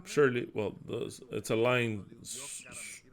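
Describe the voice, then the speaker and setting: Male preacher, sermon, emphatic, loud scripture readings, quiet asides, mid-range voice. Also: mid-range voice, measured pace, vocal fry.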